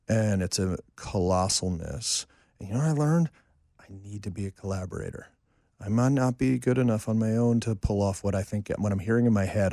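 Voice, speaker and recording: A man in his fifties, a songwriter and producer, telling animated, self-deprecating stories in a casual interview. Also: fairly low pitch, dry recording, clean studio sound. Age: 50s. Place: home studio room.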